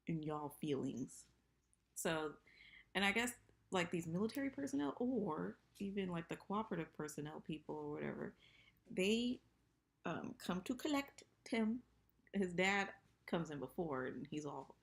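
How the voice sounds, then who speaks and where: A woman's voice: lowish voice, expressive, normal speed, vocal fry. A woman in her thirties chatting casually and profanely through a TV episode recap. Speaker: TV recap vlogger.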